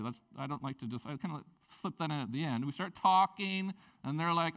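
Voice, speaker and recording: A middle-aged man from Canada preaches a sermon, his voice sitting a little high and swinging widely in pitch. He tells stories with gusto, jumping into the voices of the people he quotes. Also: brisk. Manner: animated storytelling, acts out quoted voices with big pitch jumps. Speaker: pastor.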